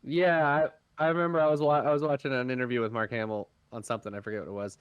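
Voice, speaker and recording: A man's voice: mid-range voice, flat delivery, clean tone, no room sound, lo-fi sound. A man co-hosting a casual podcast, rambling with lots of fillers. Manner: quick, rambling, filler-heavy. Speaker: podcast co-host. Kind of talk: casual chat.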